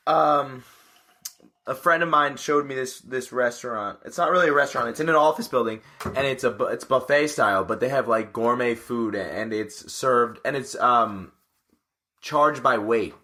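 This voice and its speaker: A young man with a mid-range, bright voice talks in an easygoing way on a casual podcast. He laughs easily as he goes. He sounds relaxed with his friend. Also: mid-range voice, moderate pace. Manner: laid-back, laughs often. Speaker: podcast co-host. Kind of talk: casual chat.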